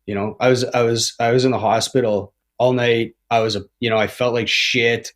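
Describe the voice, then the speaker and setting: Podcast guest, man in his forties, mid-pitched, candid and profane, keeps ending lines with "right?" and "man". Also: steady tone, normal speed, hardly any pauses, a bit bright. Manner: heavy swearing, tags lines with "right?" and "man"; rambling with frequent restarts. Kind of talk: candid recovery storytelling.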